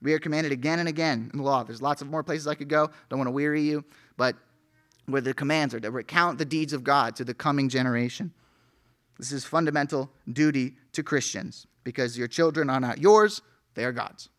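A man's voice: medium pitch, a little fast, a bit bright. A male pastor preaching an earnest sermon, reading scripture aloud with rising emphasis.

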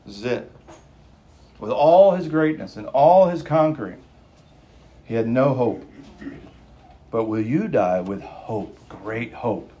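Young guy preaching a sermon, urgent, says things twice, speeds up and slows down. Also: medium pitch, lively intonation, lo-fi sound. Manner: emphatic, repeats lines for stress, speeding up and slowing down. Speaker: pastor.

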